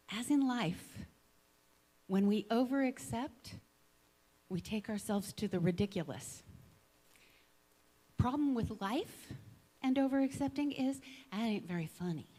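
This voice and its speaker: A woman speaking as a guest at a Sunday service in a conversational sermon, a lively storyteller who acts out examples and keeps asking "right?". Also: fairly high pitch. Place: spiritual center Sunday service.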